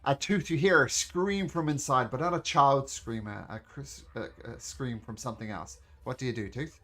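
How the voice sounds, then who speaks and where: A man narrating as game master of a tabletop game, talking in a relaxed, polite way. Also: medium pitch, normal speed.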